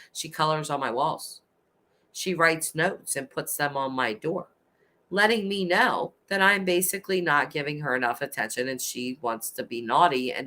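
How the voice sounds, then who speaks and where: Low-pitched lady streamer, bright edgy tone, ranty and heated, swears some. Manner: impassioned, ranting, swears. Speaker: livestream host. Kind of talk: casual livestream commentary reading chat.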